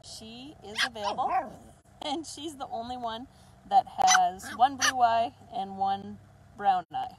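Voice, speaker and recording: A woman's voice: on the high side, slow. A woman who breeds dogs, chatting casually on her vlog and switching into sing-song baby talk with the puppies, laughing often. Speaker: dog breeder. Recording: noticeable background noise.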